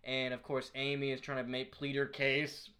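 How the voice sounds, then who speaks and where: A man's voice: mid-range voice, completely flat delivery, moderate pace, sharp tone. A young man co-hosting a casual recap podcast, laid-back and saying "dude" often. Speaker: podcast co-host.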